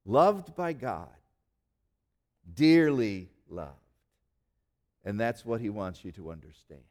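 A male pastor preaching a sermon in earnest, slowing down and dropping almost to a hush to stress key words. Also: lowish voice, sing-song. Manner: earnest preaching, slows and drops to near-quiet for emphasis.

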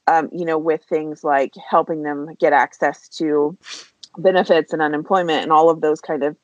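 A woman's voice: sits low, steady tone, no echo, dull audio. A woman co-hosting a veterinary podcast, talking candidly and openly about team morale in casual conversation. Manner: candid, fast-flowing, emotional. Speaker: podcast co-host, veterinary practice leader.

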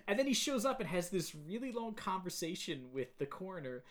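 A man hosting a podcast, casually retelling movie scenes in an animated way and quoting lines. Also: high voice, a little fast, a crowd in the background. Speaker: podcast host. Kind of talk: casual chat.

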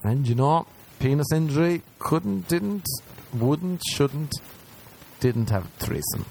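A stand-up comedian with a mid-range, darkish male voice tells a crude, self-mocking story, animated and full of vocal fry. He acts out both sides of every exchange in quick voices, and there's slight background noise.

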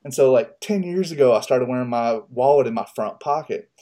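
A man's voice: medium pitch, expressive, fairly quick, warm tone. A man co-hosting a podcast, telling a story in a loose, profane, casual way and laughing at himself. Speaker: podcast co-host.

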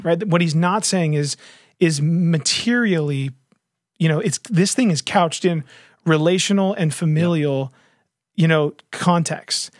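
A man's voice: on the high side, a little slow, dry recording, studio quality. A man talking earnestly in a casual faith discussion, retelling a story with lots of fillers and restarts.

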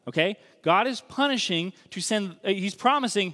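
A man preaching a sermon in a conversational, emphatic way, slowing down to stress key lines. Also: high-pitched, animated, sharp tone. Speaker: pastor. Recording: long reverb of a large hall.

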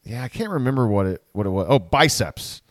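In clean studio audio with no echo, a medium-pitched, animated man rambles his way through the team on a casual sports podcast. He keeps correcting himself and slipping in brief asides as the host.

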